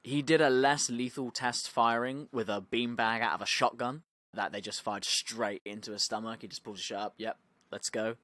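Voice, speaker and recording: Young male podcaster, lively storyteller, dry close mic. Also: medium pitch, moderate pace, dry recording. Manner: animated storytelling, acting out quotes, swearing, many "like" fillers. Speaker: podcast co-host. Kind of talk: casual podcast chat.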